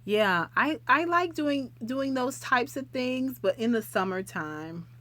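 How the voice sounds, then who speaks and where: A woman's voice: a little high, lively intonation, takes it slowly, a bit bright. A middle-aged woman hosting a live stream, chatting casually with viewers in a talkative, folksy way. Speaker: livestream host.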